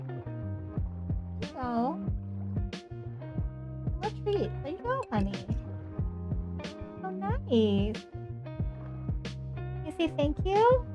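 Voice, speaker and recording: A woman chatting casually on a live stream, laughing often and cooing at her cats in a high sing-song voice. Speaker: livestreamer.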